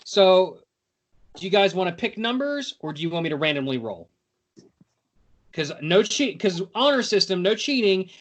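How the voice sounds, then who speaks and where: A man's voice: sits high, sing-song, moderate pace, long pauses. A male podcast host chatting casually, with a joking, rambling delivery. He wanders off topic and back while explaining the rules of a game to his guests.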